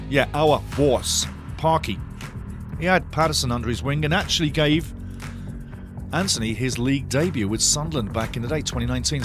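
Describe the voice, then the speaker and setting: Excitable man hosting a football watch-along. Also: a little high. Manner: excitable, chatty, talks to the chat. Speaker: watch-along show host. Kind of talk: live-stream football watch-along chat.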